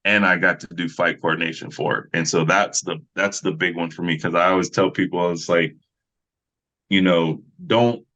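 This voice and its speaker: A man in his thirties, an actor and fight coordinator, chatting casually in a podcast interview and telling stories with acted-out voices. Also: low voice. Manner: relaxed storyteller who acts out other voices. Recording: slightly dull lo-fi sound.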